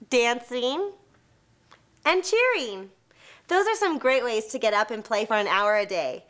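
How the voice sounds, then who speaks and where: A woman's voice: fairly high pitch, fairly bright tone. A woman cheerleader speaking upbeat to a room of students and leading a cheer. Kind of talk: school presentation to students.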